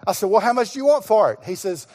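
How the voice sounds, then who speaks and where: A middle-aged man preaches in a fairly high voice, acting out conversations as he tells a story. He now and then breaks into shouts. His voice rings with the long reverb of a large church hall. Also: quick pace. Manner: animated storyteller, acts out dialogue, bursts into shouts. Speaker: guest pastor. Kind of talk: sermon storytelling. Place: church sanctuary.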